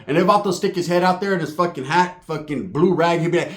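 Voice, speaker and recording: A man telling a comic story, animated and profane, acting out the voices of the people in it. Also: fairly high pitch, quick pace. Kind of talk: comedic storytelling.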